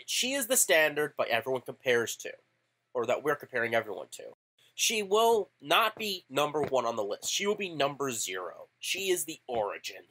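A man co-hosting a podcast in casual chat, animated and opinionated, swearing offhand. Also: on the high side. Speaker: podcast co-host.

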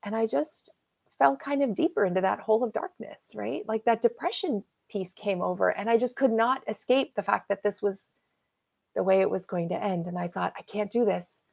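Speaking at normal speed in a creaky, medium-pitched voice, a woman in her fifties tells a personal story as an interview guest. The retelling is emotional and animated, with her acting out what people told her.

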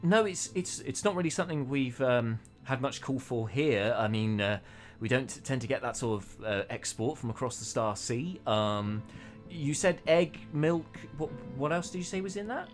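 A man's voice: medium pitch, expressive, moderate pace, faint music behind, voice pushed up, natural voice. A man voicing a redheaded woman barmaid who runs the inn, polite, flustered and stammering.

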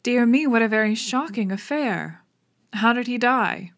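A woman voicing a fussy, nervous male naturalist who talks in an excited, fluttering way. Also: on the high side, unhurried, pitched above the performer's own voice. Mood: shocked.

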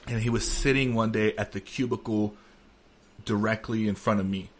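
A man's voice: on the low side, steady tone, normal speed. A man in his thirties co-hosting a podcast, telling funny stories in casual chat and laughing through the punchlines. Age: 30s. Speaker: podcast co-host.

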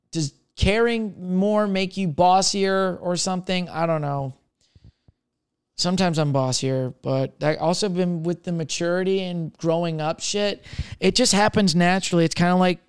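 A man's voice: high voice, smooth, dry recording, studio quality. A young man in casual podcast chat, rambling with lots of fillers and swearing as he tells personal stories. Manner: rambling, profane, filler-heavy.

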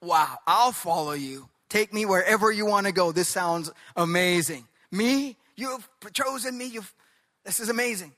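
A man's voice: high voice, animated, normal speed, bright, forceful tone, big-room sound. A man preaching acts out an awestruck old patriarch who is overwhelmed by a promise. The voice is breathless, wondering and cracks with emotion. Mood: humbled.

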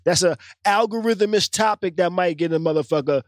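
A man with a slightly high voice hosts a casual podcast. He rambles through stories in a loose, profane way. The sound is dry and close, with little room around it. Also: a little fast, no room sound. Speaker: podcast host. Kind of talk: casual chat.

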